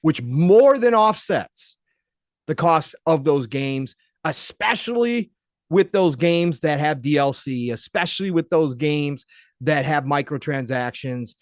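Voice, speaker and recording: A man's voice: a little high, lively intonation, slow, no echo, clean studio sound. A man co-hosting a gaming podcast, giving an opinionated, emphatic take in casual talk. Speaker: podcast co-host.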